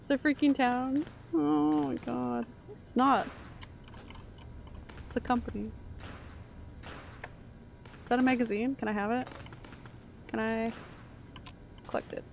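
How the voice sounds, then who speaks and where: Young canadian woman gaming on stream, chatty and loud, faint hum behind. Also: on the high side, fairly even intonation, slow, long pauses. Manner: chatty, reacting loudly to the game and to chat. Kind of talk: live game stream commentary.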